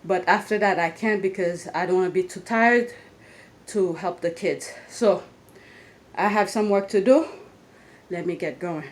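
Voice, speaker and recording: A woman's voice: lowish voice, a little slow, pauses often. A woman, a mother, talking through her day in a casual vlog at home, rambling with fillers and restarts. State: out of breath after climbing stairs. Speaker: vlogger, mother.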